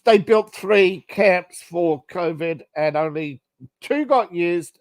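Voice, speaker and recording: Chatty Australian man, fairly high voice. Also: no room sound. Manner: laughs often, blunt and chatty. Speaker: podcast co-host. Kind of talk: casual chat.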